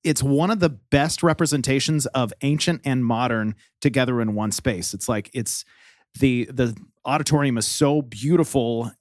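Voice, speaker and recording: A man's voice: mid-range voice, moderate pace, a little mellow, dry recording, studio quality. A man co-hosting a podcast in friendly, playful casual chat. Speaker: podcast co-host.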